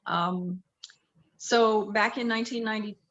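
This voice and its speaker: A woman's voice: medium pitch, fairly even intonation, unhurried, fairly bright tone, lo-fi sound. A woman in her fifties from the Los Angeles area telling her life story in a chatty way, often correcting herself. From Los Angeles area, USA. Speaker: interview guest. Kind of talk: casual interview storytelling.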